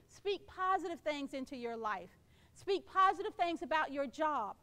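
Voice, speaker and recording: A woman's voice: high voice, expressive, normal speed, pushed and bright. A middle-aged woman giving a motivational keynote to staff, encouraging and playful, acting out little quoted voices. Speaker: keynote speaker.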